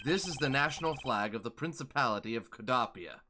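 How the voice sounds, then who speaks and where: A man voicing a cool, sharp male prosecutor who speaks in a measured, confident way. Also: medium pitch, animated, pitched below the performer's own voice, lightly acted. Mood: composed. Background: game music.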